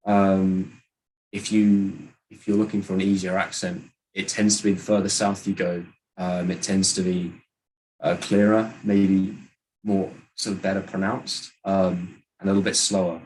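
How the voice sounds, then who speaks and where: A man's voice: deep voice, level tone, unhurried, a little mellow, slight background noise, rough recording. A British man giving a casual answer as a guest speaker over a video call, hesitant and full of ums and restarts. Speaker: guest speaker at a language exchange. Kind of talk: casual panel answer, switching to Spanish.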